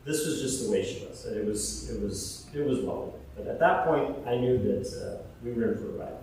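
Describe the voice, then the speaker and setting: A man's voice: on the low side, animated, fairly quick, creaky, darkish tone, slight background noise. A man giving a eulogy, fond and hesitant, with many fillers and restarts. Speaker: eulogy speaker. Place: large funeral hall. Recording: echoey hall, mic far off.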